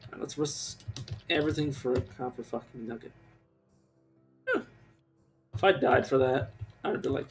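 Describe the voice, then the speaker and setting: A man's voice: mid-range voice, normal speed, pauses often, soft background music. A man streaming a game live, rambling casually and mocking himself as he plays, swearing now and then. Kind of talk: casual gameplay commentary.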